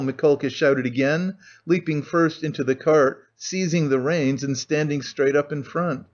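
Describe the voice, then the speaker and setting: A man reading a classic novel aloud as an audiobook narrator, in a measured storytelling manner. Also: fairly high pitch, fairly even intonation. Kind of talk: scripted narration. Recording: muffled lo-fi audio.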